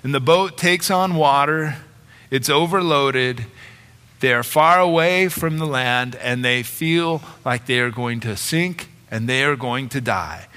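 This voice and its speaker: A middle-aged male pastor preaching a sermon, retelling a story and growing animated in the dramatic parts. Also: mid-range voice, measured pace, clean tone. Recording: long hall reverb.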